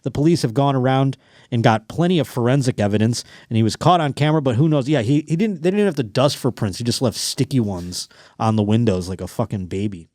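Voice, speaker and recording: A man's voice: medium pitch, fast, no echo. A man hosting a comedy podcast, talking in a loose, crude way and swearing at every turn. He mocks and riffs on the stories he reads out, in a mid-range voice. The sound is dry and close, with no room around it. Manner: crude, animated, mocking, swears constantly. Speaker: podcast host. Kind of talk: casual comedic chat.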